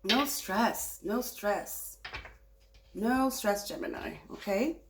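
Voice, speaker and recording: A woman giving a casual tarot reading, speaking softly and soothingly and turning animated when she gets excited. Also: mid-range voice, takes it slowly, noisy background. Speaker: tarot reader.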